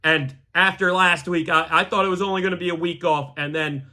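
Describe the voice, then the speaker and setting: A young man hosting a podcast, talking to camera in a heartfelt, halting way that sometimes sounds choked up. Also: high voice, fairly even intonation, sharp tone. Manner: repeats the word "gang" to the audience. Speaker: podcast host. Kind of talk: emotional personal monologue to camera.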